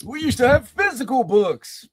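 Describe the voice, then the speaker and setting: A man's voice: extremely high pitch, big pitch swings, normal speed, pitched above the performer's own voice, heavily acted. A man putting on a crotchety, quavering voice of a 108-year-old man, done as a film-comedy impression. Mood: cranky.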